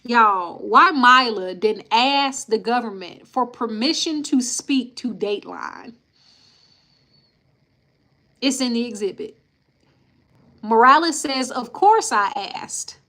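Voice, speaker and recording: A woman with a somewhat high, bright voice, recapping court testimony on a live stream. She reads each quote out plainly, then breaks off to sigh or talk straight to her viewers. Her tone stays casual and frank throughout. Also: animated, takes it slowly, long pauses. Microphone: live-stream mic.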